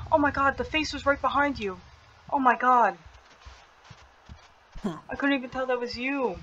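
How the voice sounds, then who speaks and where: A young woman playing a horror game with a friend, talking in quick frantic bursts, gasping, swearing and shouting warnings. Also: high voice, over music, rough recording. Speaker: gamer.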